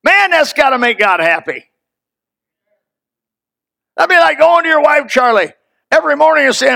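An older man preaching a folksy sermon, swinging from loud, high exclamations to low, hushed lines. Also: expressive, moderate pace, vocal fry, long pauses. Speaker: pastor.

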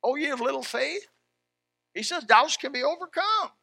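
A man preaching a sermon in a folksy, fervent way, dropping to a hush and then rising loud. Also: extremely high pitch, very animated, fairly quick, creaky, no echo. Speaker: pastor.

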